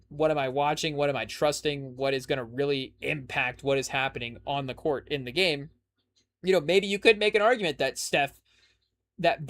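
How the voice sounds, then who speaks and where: Rambling man with a higher voice. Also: fairly bright tone. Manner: rambling, full of "you know" and "hey, yo" asides. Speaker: podcast host. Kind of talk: casual sports podcast monologue.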